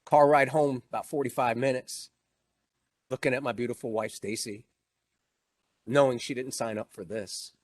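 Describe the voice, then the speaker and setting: A man's voice: medium pitch, steady tone, moderate pace, long pauses, no room sound. Middle-aged male motivational speaker, dry close sound, emphatic storytelling that turns emotional. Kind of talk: inspirational keynote talk.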